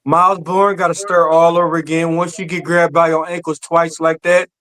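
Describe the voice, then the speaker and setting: A man's voice: fairly high pitch, level tone, normal speed, fairly bright tone. A man co-hosting a wrestling podcast, emphatic, colloquial and blunt. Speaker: podcast co-host. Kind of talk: casual wrestling review chat.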